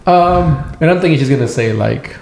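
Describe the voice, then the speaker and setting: A man's voice: fairly high pitch, animated, a little fast, a little mellow. A young man co-hosting a podcast, telling a rambling story in casual chat and swearing freely. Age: young adult. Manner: rambling storyteller, acts out voices, swears a lot. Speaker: podcast co-host. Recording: echoey room with faint noise.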